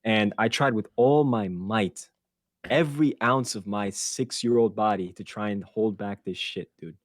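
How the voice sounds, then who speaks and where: A man hosting a podcast, telling a story in a casual, animated and profane way, laughing as he goes. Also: on the low side, unhurried, dry recording, studio quality. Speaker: podcast host.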